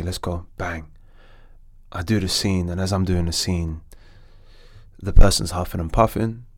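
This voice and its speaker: A middle-aged man, an actor, telling a story in a podcast interview with animated restarts. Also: low voice, dry recording, studio quality. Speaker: actor guest.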